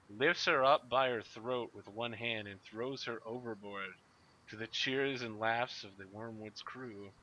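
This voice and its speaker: A man narrating a tabletop game as game master, briskly and playfully, in a muffled lo-fi recording. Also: medium pitch, bright, forceful tone.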